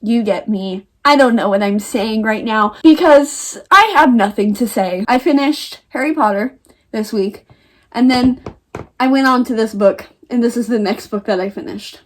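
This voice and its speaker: A woman's voice: a little high, moderate pace. A young woman from the United States talking to camera in a casual book vlog, dramatic and exasperated. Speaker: book vlogger.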